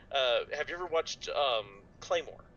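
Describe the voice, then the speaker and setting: A man's voice: medium pitch, expressive, takes it slowly, fairly bright tone, recorded from a distance. A man playing a tabletop game, chatting in a hesitant, rambling way. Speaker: player. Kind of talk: casual chat. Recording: muffled lo-fi mic from afar, hum.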